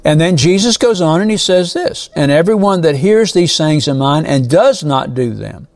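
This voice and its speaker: A man's voice: on the high side, expressive, normal speed, a little mellow. A man preaching a sermon, quoting scripture and stressing key phrases with repeated amens.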